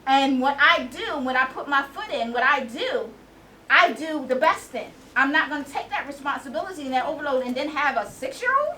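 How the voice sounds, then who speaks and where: A woman in her late forties sharing an animated, laughing testimony at a women's conference. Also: sits high, normal speed. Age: 40s. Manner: animated storytelling, laughing and exclaiming. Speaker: inspirational speaker. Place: conference venue with a small audience. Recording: distant mic with faint audience and room noise.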